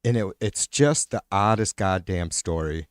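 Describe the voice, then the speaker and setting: A man's voice: lowish voice, lively intonation, measured pace, clean tone, no echo, clean studio sound. A man hosting a live stream, ranting casually and profanely with sarcastic exasperation, often trailing off and restarting.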